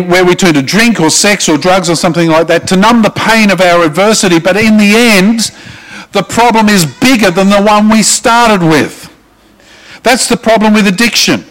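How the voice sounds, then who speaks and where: A middle-aged Australian man delivers a sermon in a fairly high voice. He preaches with emphasis and often puts questions to his congregation. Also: a bit bright, rough recording. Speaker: pastor.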